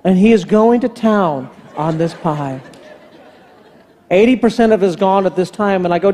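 A man's voice: high-pitched, normal speed, long pauses, a little mellow, some chatter behind. A man in his fifties preaching a sermon as pastor, telling a family story and acting out the dialogue. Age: 50s. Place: large church hall. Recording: long hall reverb from the sanctuary.

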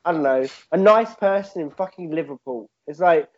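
Male co-host, light high voice, loose comic storyteller, muffled low-fi audio. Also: lively intonation, normal speed. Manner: rambling, swearing, jokey storytelling. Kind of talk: casual comedic chat. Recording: dull lo-fi sound.

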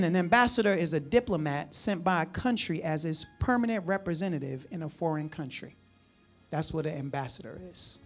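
A man from the New Jersey or New York area preaching a conversational sermon, folksy and chatty with frequent asides and chuckles. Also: sits high. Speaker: pastor.

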